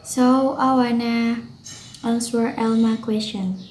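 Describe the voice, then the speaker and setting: Young woman, Indonesian accent, student presenter, earnest and a little halting, high mellow voice, echoey room. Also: flat delivery. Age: young adult. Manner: earnest, with occasional slips and self-corrections. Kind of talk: reading a prepared class reflection. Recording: roomy, with faint noise.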